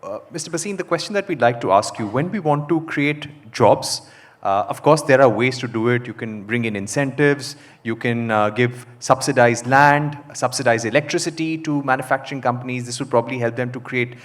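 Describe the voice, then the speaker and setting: A man's voice: mid-range voice, brisk. A man moderating a panel, asking long questions with some hesitation.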